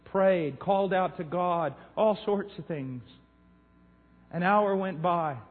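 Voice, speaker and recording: Impassioned preacher in an echoing hall. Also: male voice, high-pitched, slow. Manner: impassioned, swings from hushed to loud. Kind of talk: sermon storytelling. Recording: tinny, echoey hall recording.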